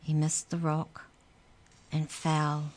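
A woman reading a children's story aloud in a calm, measured way. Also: low voice, a little hiss or hum.

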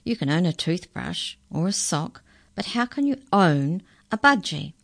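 A woman voicing a suspicious, officious giant white rat officer with a gravelly, demanding voice. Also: fairly low pitch, sing-song, unhurried, dry recording, exaggerated voice. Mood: stern. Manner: stern, demanding, incredulous.

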